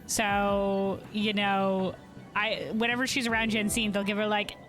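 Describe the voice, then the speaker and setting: A woman's voice: medium pitch, level tone, a little slow, a bit bright, soft background music. A woman streamer chatting casually and laughing as she plays. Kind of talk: casual gameplay commentary.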